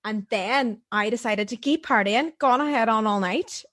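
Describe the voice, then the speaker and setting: Woman host, expressive gossipy chatter, mid-range voice, dry sound. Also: fairly high pitch, moderate pace, no room sound. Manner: gossipy, expressive, quotes herself. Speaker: podcast host. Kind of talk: casual chat.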